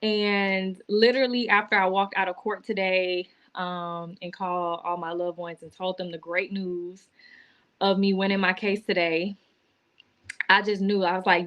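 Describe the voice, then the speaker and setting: A woman's voice: medium pitch, little pitch movement, measured pace, fairly bright tone, highs cut off. A woman talking casually to her viewers on a live stream from her laptop, teary and emotional as she gives a faith testimony. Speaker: vlogger going live. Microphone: laptop or phone.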